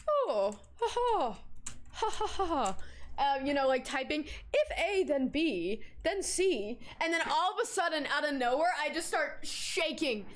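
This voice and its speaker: A young woman streamer chatting casually on a live stream, swearing freely and telling stories dramatically. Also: high voice. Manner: animated, swearing, dramatic storyteller.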